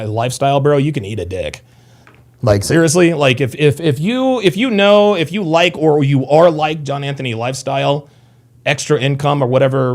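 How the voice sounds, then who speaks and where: A man's voice: mid-range voice, a little mellow. A man in his thirties hosting a casual livestream, rambling and profane as he reads chat comments. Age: 30s. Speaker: livestream host.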